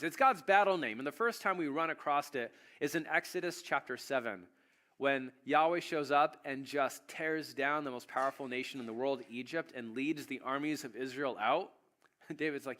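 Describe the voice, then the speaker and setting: A pastor preaching a sermon, retelling a story in an animated, joking, conversational way. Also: male voice, fairly high pitch, normal speed.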